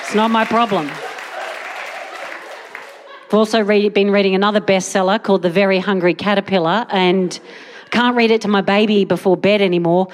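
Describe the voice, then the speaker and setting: A woman's voice: medium pitch, steady tone, fast. A young adult woman doing a stand-up comedy set on a live stage, rambling and incredulous with wry asides. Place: live theatre stage with audience. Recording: live venue with faint crowd noise.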